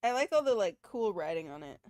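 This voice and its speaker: A woman's voice: mid-range voice, very animated, a little fast, darkish tone, dry recording, clean studio sound. A woman chatting casually with her viewers on a live stream, rambling from one thing to the next.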